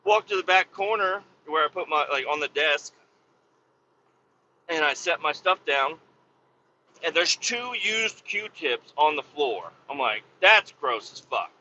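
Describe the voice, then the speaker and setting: A man hosting a podcast, telling a profane comedic story in an animated rant with loud exasperated outbursts. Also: on the high side, measured pace, long pauses, highs cut off, a little hiss or hum. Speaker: podcast host.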